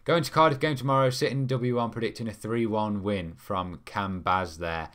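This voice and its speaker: A man's voice: fairly low pitch, steady tone, moderate pace, a bit bright. A young man, hosting a football fan live stream in a casual, rambling way, reading out viewer comments with lots of ums. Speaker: fan channel host.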